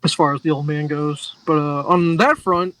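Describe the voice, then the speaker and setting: A man's voice: fairly high pitch, steady tone, moderate pace, fairly bright tone, poor audio. A middle-aged man co-hosting a podcast in casual chat, chatty and laughing often. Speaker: podcast co-host.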